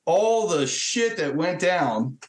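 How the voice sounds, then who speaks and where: A Marine Corps veteran appears as a guest, telling stories casually in a high-pitched voice at a slow pace. He swears often and animatedly acts out quotes, and the room he's in is echoey.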